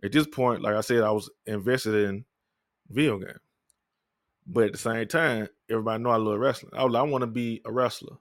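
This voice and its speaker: A young man telling his life story in a candid, profane, rambling way, often low-key and downcast. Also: fairly quick, no echo, clean studio sound. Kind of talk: personal storytelling monologue.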